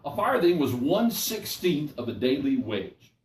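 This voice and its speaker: A man's voice: fairly high pitch, big pitch swings, a little slow, a little mellow. An older man and pastor leading a Bible study sermon in a folksy, conversational way, often checking in with his listeners. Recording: echoey room, mic at a distance.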